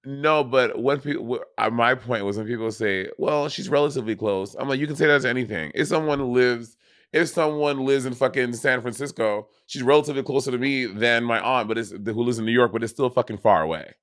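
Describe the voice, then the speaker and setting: A man's voice: medium pitch, brisk, fairly bright tone, no echo, studio quality. A man from Saint Lucia, co-hosting a podcast in casual chat, rambling with many restarts and trailing off. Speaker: podcast co-host.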